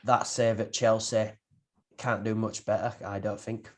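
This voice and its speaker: A man's voice: on the low side, flat delivery, measured pace. A young man co-hosting a casual football podcast, given to teasing, jokey banter. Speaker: podcast co-host. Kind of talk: casual chat.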